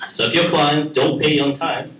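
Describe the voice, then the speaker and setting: A man with a Russian accent performing stand-up comedy for a live audience, with a deadpan delivery. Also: a little high, roomy sound, far from the mic, noisy background. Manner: deadpan delivery, with acted-out character voices. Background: audience laughter.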